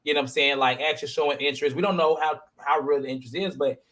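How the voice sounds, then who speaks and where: A man hosting a reality-TV recap with a slightly high-set voice. He talks in loose, slangy bursts and rambles through his points with plenty of fillers. The tone stays casual and conversational. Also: steady tone, rapid-fire, fairly bright tone. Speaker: podcast host. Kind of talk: casual reality-TV review chat.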